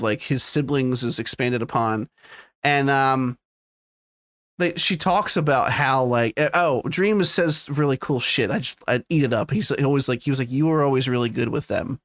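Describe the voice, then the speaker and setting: Podcast co-host, male, casual and animated, swears freely, dry close mic. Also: mid-range voice, moderate pace, dry recording. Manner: animated, swearing, retells scenes. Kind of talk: casual chat.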